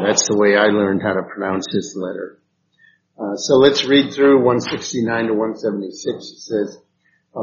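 A man praying and teaching a Bible study, talking haltingly with many fillers and restarts. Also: lowish voice. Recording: dull lo-fi recording with faint noise.

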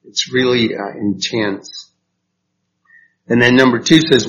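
A man praying and teaching a Bible study, talking haltingly with many fillers and restarts. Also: medium pitch, steady tone, fairly bright tone. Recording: dull lo-fi recording with faint noise.

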